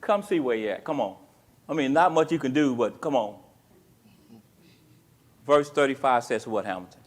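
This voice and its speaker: A man teaching a Bible class, quizzing his students with call-and-response questions and retelling the story in colloquial, animated speech. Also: mid-range voice, moderate pace.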